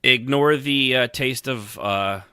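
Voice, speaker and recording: A man's voice: medium pitch, slow, pushed and bright, clean tone, no room sound, studio quality. A man co-hosting a podcast in casual chat, joking and sarcastic, laughing often. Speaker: podcast co-host.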